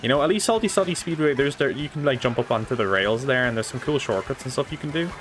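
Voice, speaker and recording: A man's voice: medium pitch, expressive, quick pace. A young man chatting casually while playing a racing game live, rambling and swearing now and then, on a desk microphone. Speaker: streamer. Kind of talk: casual live gameplay chat.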